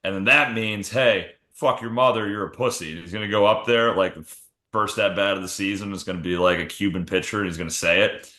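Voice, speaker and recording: A man's voice: sits low, steady tone, fast, pushed and bright, reverberant. A man co-hosting a casual comedy sports podcast, swearing freely and spinning silly hypotheticals. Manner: jokey, profane, acts out bits in goofy voices. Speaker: podcast co-host.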